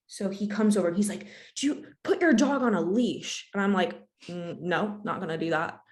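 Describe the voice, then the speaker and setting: Young woman telling an animated story. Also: medium pitch, moderate pace. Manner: animated storytelling, acts out quoted exchanges. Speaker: podcast co-host. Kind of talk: casual chat.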